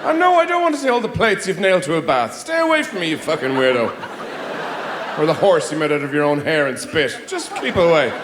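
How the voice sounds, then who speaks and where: A man with an Irish accent, performing stand-up in a rambling, sardonic way. His voice sits high and swings wildly in pitch, and the sound is roomy with a faint hiss behind it. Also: sing-song, brisk. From Ireland. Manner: rambling, sardonic, mock-exasperated asides. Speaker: stand-up comedian. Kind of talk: stand-up routine. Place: theater stage.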